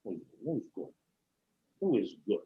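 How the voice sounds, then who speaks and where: Rabbi teaching a casual class online. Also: male voice, lowish voice, measured pace, phone-quality sound. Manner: relaxed, chatty, many "right?" checks.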